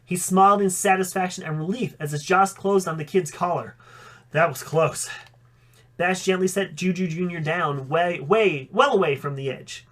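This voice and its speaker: A man's voice: high voice, moderate pace, a bit bright. A man reading a fan story aloud, with occasional slips that he corrects. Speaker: audiobook reader.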